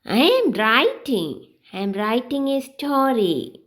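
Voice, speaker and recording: A woman teaching beginners, reading short example sentences one by one in a slow, clear, sing-song way. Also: on the high side, very animated, a bit bright. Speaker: English teacher.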